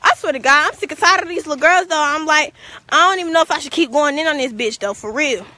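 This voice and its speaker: A woman's voice: high-pitched, fast talker, pushed and bright, no echo. A young woman ranting to the camera outdoors, profane, confrontational and emphatic. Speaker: vlogger. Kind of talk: heated rant to camera. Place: outdoors, walking to a store.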